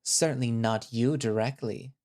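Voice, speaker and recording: A man playing a cold, scornful male settlement leader who speaks slowly and condescendingly, with cutting remarks. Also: medium pitch, steady tone, a little mellow, close to an everyday voice. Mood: contemptuous.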